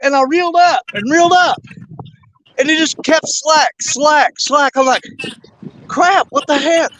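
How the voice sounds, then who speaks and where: A man hosting a fishing show outdoors, talking in an excited, breathless, rambling way. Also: very high voice, normal speed. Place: outdoors by a river.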